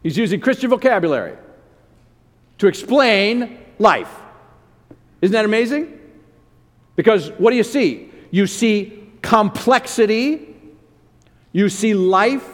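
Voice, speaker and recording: Male preacher, high voice, animated, quizzes the crowd; reverberant hall. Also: a little slow, long pauses. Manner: animated, asks the audience questions. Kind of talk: sermon.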